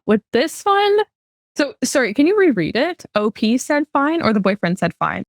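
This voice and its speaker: A woman co-hosting a casual podcast, animated and laughing often as she tells stories. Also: high-pitched, normal speed, no echo, studio quality. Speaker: podcast co-host.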